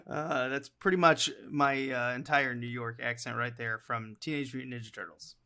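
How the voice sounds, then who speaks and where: A man's voice: medium pitch, fairly even intonation, moderate pace, hardly any pauses, sharp tone. A man co-hosting a casual movie review podcast, loose and profane, often rambling. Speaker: podcast co-host.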